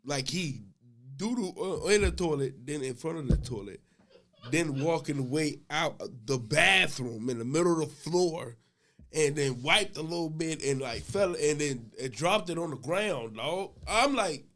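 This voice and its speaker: A middle-aged man, a podcast guest, telling a story in casual chat. He starts out laid-back and gets loud and laughing as the story builds. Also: fairly high pitch, lively intonation, unhurried.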